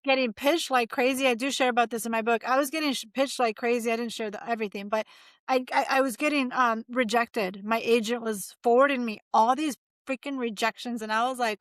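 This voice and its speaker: A woman's voice: fairly high pitch, steady tone, a little fast, fairly bright tone, dry recording. A woman in her forties, a mindset coach talking as a guest in an upbeat, emphatic, motivational way. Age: 40s. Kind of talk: casual interview chat.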